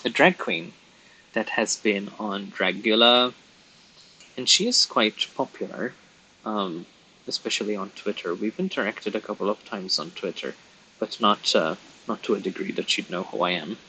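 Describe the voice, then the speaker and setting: A man's voice: on the low side, moderate pace, bright, forceful tone, slight background noise, low-quality recording. A man chatting casually with his viewers while colouring on a live stream, rambling and laughing at himself.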